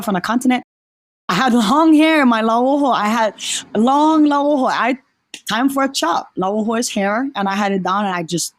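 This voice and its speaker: A woman's voice: fairly high pitch, no echo. A woman from Oahu, a podcast guest talking in an earnest, reflective way and often restarting her sentences. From Oahu, Hawaii. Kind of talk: reflective casual conversation.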